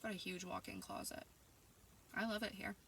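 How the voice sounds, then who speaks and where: A young woman from Canada talks into her camera, answering hostile messages with mocking sass and spiritual preaching that can turn into a heated rant. Her voice is bright and sharp. She sits a little back from the mic. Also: mid-range voice, little pitch movement, normal speed, vocal fry, far from the mic, a little hiss or hum. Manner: sassy, mocking and spiritual, rising into heated ranting. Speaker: vlogger. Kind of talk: casual monologue reading and answering messages.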